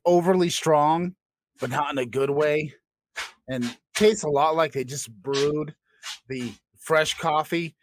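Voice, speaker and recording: A man's voice: fairly high pitch, dry recording. A man co-hosting a comedy podcast, spinning absurd made-up stories in a playful, joking way. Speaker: podcast co-host.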